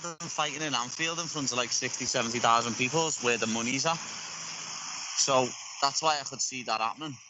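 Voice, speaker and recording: A young man with a Scouse accent, a fighter talking bluntly and with heavy swearing in a remote interview. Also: mid-range voice. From Liverpool, England. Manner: blunt and profane, lots of slang. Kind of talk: casual interview. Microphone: earphones on a remote call. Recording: faint noise on a dying headset line.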